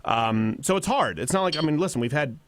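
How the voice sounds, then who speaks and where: A man hosting a comedic talk show, teasing his guest in quick, irreverent banter. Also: on the high side, lively intonation, fairly bright tone, a little hiss or hum. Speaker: host.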